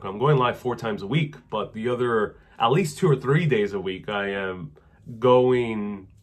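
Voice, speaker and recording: Guy chatting on a live stream, answering viewer questions, loose and rambly with lots of ums, clip-on mic. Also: lowish voice. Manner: relaxed, rambling, many fillers, reads viewer comments aloud. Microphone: wireless clip-on mic.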